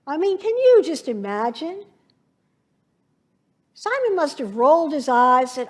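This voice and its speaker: A woman pastor preaching a sermon, slow and reflective, painting scenes from scripture for her congregation. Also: high-pitched, sing-song.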